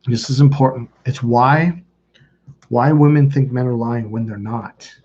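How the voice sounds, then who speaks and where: Husky-voiced man, rambling and profane. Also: mid-range voice, unhurried, darkish tone, highs cut off. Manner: rambling and profane, heavy on filler words. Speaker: dating coach. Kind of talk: casual storytelling monologue.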